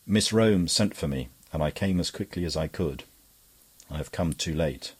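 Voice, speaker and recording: A gentle, sorrowful priest, voiced by a man reading a story. The voice is low with a husky edge. He speaks softly and slowly. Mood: sad. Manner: soft and sad. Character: gentle, sad male priest.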